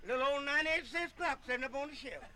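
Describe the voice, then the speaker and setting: A man's voice: very high voice, quick pace, pushed and bright, poor audio. A man telling comic folk stories in a folksy way, often laughing and repeating "yeah.". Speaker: storyteller.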